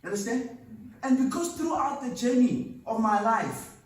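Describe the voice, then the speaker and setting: A man's voice: extremely high pitch, animated, measured pace. A man giving an emphatic, storytelling talk at a seminar, recorded from a distance in an echoey hall. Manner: storytelling, emphatic, laughs at himself. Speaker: motivational speaker. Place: seminar venue.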